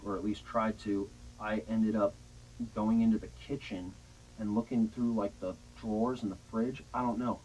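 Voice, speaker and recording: A young man casually telling a long, profane story in a rambling, animated way. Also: on the low side, a little hiss or hum, low-quality recording. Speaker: storyteller guest.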